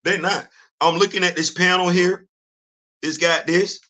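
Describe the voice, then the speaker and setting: A man hosting a comics show, talking casually to his viewers in an animated way, repeating himself and getting loud when worked up. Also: sits high, unhurried, pauses often, poor audio.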